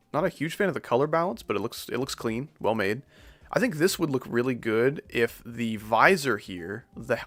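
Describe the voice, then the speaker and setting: Gravelly-voiced man rambling through gaming commentary. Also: medium pitch, sharp tone, no echo. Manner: rambling, jokey, self-deprecating. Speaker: streamer.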